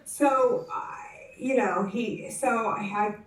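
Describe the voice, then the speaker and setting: Woman speaker, unhurried story delivered at a conference, heard from a distance in an echoey hall. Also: on the high side. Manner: animated, acts out the voices in her story; frequent self-corrections and restarts. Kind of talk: personal storytelling talk.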